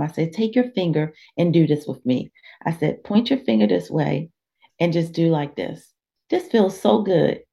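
A woman life coach speaking as a guest in a conversational interview, animated and preacherly, often acting out inner dialogue. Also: on the low side, creaky.

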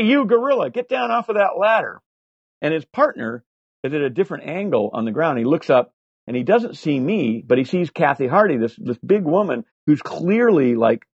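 A man in his sixties, a guest on an interview, telling animated, profane stories full of fillers. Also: medium pitch, husky, no room sound. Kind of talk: casual storytelling interview. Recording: slightly dull lo-fi audio.

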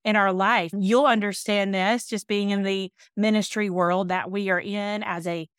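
A woman's voice: medium pitch, fairly even intonation, normal speed, clean tone, no room sound, studio quality. A woman in her thirties from Alabama with a Southern accent, chatting openly as a podcast guest about her family and faith. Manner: open, chatty, warm storytelling. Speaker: podcast guest, speaker and author. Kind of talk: casual chat.

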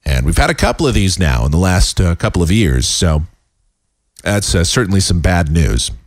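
Man, slightly raspy tired voice, rambling podcast talk, lowish pitch, dry close sound. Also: big pitch swings, normal speed, dry recording. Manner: rambling, many uh fillers. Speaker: podcast host. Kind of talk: casual solo podcast commentary. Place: home.

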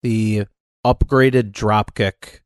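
A man's voice: fairly low pitch, steady tone, extremely slow, clean tone, no room sound, clean studio sound. A man on a podcast gushing happily about his favourite game move, half laughing as he talks. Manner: enthusiastic, giggly. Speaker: podcast co-host. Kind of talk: casual game discussion.

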